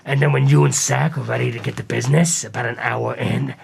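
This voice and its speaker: A man co-hosting a podcast, chatting bluntly and swearing casually in a gravelly, raspy voice. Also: medium pitch, fairly even intonation, brisk, crowd noise. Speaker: podcast co-host, DJ producer. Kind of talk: casual chat.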